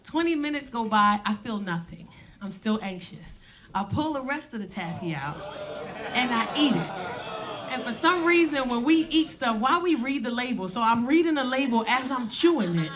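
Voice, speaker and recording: A woman, animated, swinging from hushed asides to loud punchlines. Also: fairly high pitch, normal speed, a crowd in the background. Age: 40s. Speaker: stand-up comedian. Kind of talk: stand-up storytelling.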